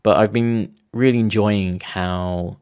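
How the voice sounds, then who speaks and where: A man's voice: on the low side, steady tone, slow pace, darkish tone, clean tone, dry recording, studio quality. A man teaching English in an unscripted monologue, spelling out words and explaining phrases for learners with enthusiasm and frequent ums.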